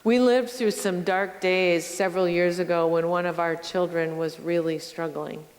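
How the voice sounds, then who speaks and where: A middle-aged woman pastor giving a sermon, telling stories slowly and reflectively and speaking straight to her congregation. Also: fairly low pitch, steady tone. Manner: slow, reflective storytelling with direct address to the congregation. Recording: long church reverb.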